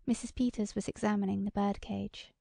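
A woman narrating a short story as an audiobook reader, in a measured, even delivery. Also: medium pitch, creaky, dry recording, clean studio sound. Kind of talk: scripted narration.

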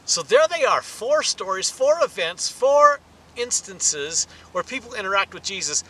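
A man teaching a sermon, animated, his voice rising for emphasis. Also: a little slow, rough recording. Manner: animated, rises in pitch and volume for emphasis. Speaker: pastor.

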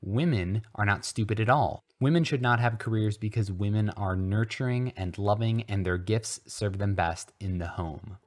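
A man's voice: fairly low pitch, normal speed, hardly any pauses, natural voice. A man voicing a naive, earnest schoolboy who is new to his faith. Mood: indignant. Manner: earnest, innocent, indignant at times.

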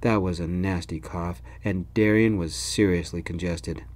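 A man narrating a story in the first person, in a gentle, soft-spoken ASMR style. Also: low-pitched, steady tone, a little slow.

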